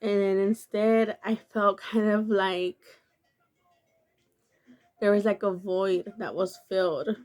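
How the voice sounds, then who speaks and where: Young adult woman, vlogger. Slow, earnest, confessional storytelling with lots of fillers. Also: mid-range voice, steady tone, a little mellow, faint music behind. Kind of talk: casual storytelling to camera.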